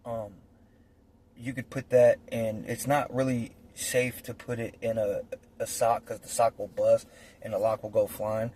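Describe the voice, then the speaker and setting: A man's voice: mid-range voice, flat delivery, measured pace, warm tone. Man, casual storytime monologue, blunt and profane, rambling, faint background noise. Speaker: storyteller recounting prison life.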